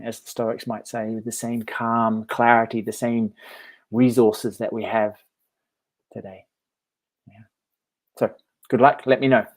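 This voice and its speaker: A meditation teacher with a middle-pitched voice talks casually to the camera, telling a parable in a friendly, reflective manner. He chuckles often and restarts phrases, speaking unhurriedly with fairly even intonation and frequent pauses, like a casual storytelling vlog.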